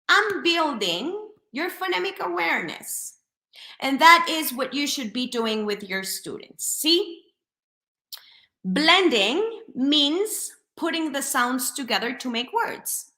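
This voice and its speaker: A slow, demonstrative woman leads an online teacher training from her computer, carefully sounding out each speech sound. Her voice sits fairly high and bright. The webcam mic catches an echoey room around her. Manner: lively, demonstrative, sounds out phonemes. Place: home room, alone at computer.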